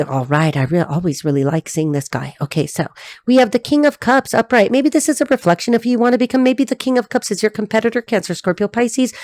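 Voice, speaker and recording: A woman giving a tarot reading, talking in a blunt, rapid, repetitive stream of consciousness. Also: mid-range voice, darkish tone, no echo. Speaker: tarot reader.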